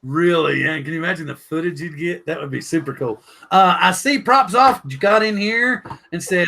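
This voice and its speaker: A man's voice: high-pitched, moderate pace, pushed and bright. A man with a Southern drawl hosting a live drone chat stream, rambling, joking and reading the chat aloud. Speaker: podcast host.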